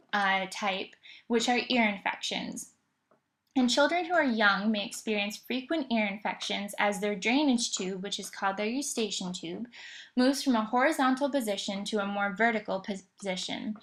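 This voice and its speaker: A woman presenting an educational slideshow in a clear explanatory voice, with occasional fillers and self-corrections. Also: medium pitch. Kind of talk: scripted educational narration.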